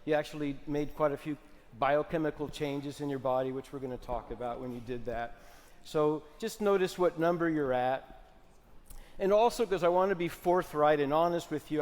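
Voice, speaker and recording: Man, conference speaker, calm guiding voice, slightly higher pitch, long hall reverb. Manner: soft coaxing instructions, rising to loud cheering. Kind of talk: guided relaxation and lecture.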